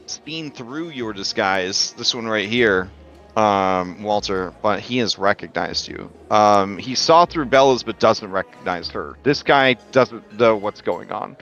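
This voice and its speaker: A man's voice: fairly low pitch, fairly bright tone, dull audio. A man narrating as game master of a tabletop game, loose and chatty with lots of ums and frequent laughs.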